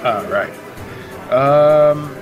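A man's voice: medium pitch, very slow, music in the background. Joking man with a dull lo-fi sound. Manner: joking, playful, fond of odd words. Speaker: podcast co-host. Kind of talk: casual comedy banter.

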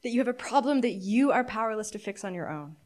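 A middle-aged woman preaching a sermon, earnest and candid, reflective, with halting restarts. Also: on the high side, expressive, a little mellow. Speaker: pastor.

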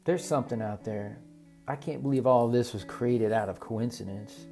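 A man voicing a thoughtful teenage boy who speaks quietly and reflectively, in a storybook reading. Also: medium pitch, normal speed, creaky, over music, natural voice.

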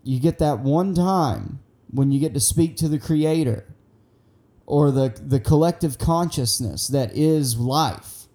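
Young man, casual storyteller, profane and rambling, mellow tone. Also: on the high side, slow. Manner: rambling, profane, excitable, acts out quotes.

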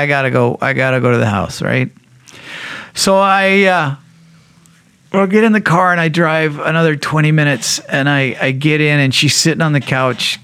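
A man, a podcast guest, telling a raw personal story with blunt, profane language and frequent restarts, acting out quoted voices with sudden jumps in pitch. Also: a bit bright, no echo.

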